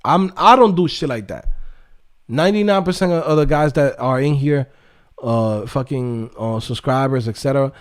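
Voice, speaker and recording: A man hosting a coding livestream, ranting in a profane, animated way and mimicking people in quick mocking voices. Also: mid-range voice. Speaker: livestream host and coding instructor. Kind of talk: profane casual livestream rant.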